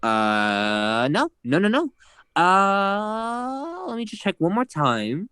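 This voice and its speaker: A man's voice: high voice, wildly swooping pitch, takes it slowly, bright, forceful tone, clear, resonant tone, no room sound. A man commentating casually with friends, teasing and mock-exasperated.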